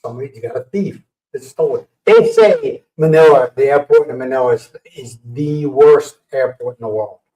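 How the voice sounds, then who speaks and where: A man hosting a casual livestream who tells stories in a lively way and acts out what people said. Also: mid-range voice, moderate pace. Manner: animated storyteller acting out quotes. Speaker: livestream host. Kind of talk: casual storytelling chat. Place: home livestream setup. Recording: roomy sound from a distant mic.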